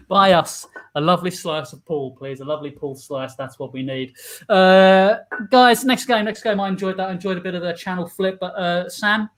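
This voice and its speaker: A man's voice: high-pitched, moderate pace, fairly bright tone. A man hosting and performing improvised comedy on a livestream, bossing his scene partner around and steering the show.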